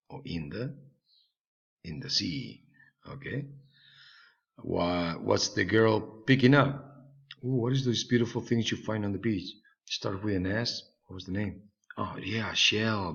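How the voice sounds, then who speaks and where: Slow, patient man teaching English. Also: fairly low pitch, vocal fry, fairly bright tone. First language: Spanish. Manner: patient, repeats "okay?". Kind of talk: recorded online English lesson. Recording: slightly dull lo-fi recording.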